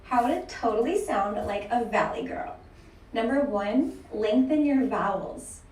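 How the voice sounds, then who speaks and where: Woman, tutorial presenter, slow deliberate delivery, distant roomy playback. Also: a little high, animated, darkish tone, a little hiss or hum. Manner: deliberate, demonstrative. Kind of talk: scripted instructional narration. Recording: roomy, played back from a distance.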